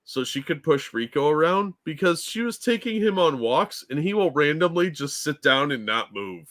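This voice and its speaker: A man co-hosting a casual podcast, telling animated anecdotes and swearing freely. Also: on the high side, moderate pace. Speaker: podcast co-host. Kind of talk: casual chat.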